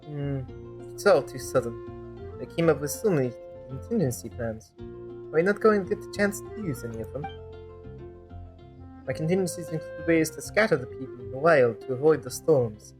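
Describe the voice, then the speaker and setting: A woman's voice: lively intonation, over music. A woman voicing a stern, serious male guild leader in a fan-dub, with a mock German-turned-Russian accent. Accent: mock German-Russian accent attempt. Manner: grave, measured, lowered voice. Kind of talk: fan-dub voice acting over gameplay.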